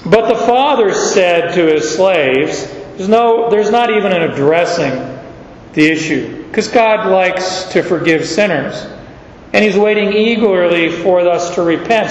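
Man, pastor, conversational sermon with asides, slow, echoey hall, dull sound. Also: high-pitched, expressive, slight background noise. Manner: conversational, explaining with asides and repeated words. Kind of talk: expository sermon.

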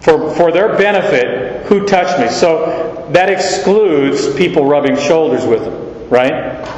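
Male pastor, deliberate expository preacher, echoey hall recording with faint background noise. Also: fairly high pitch, darkish tone. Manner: slow, deliberate teaching with emphatic repeated quotes. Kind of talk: expository sermon. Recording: echoey hall, dull lo-fi sound.

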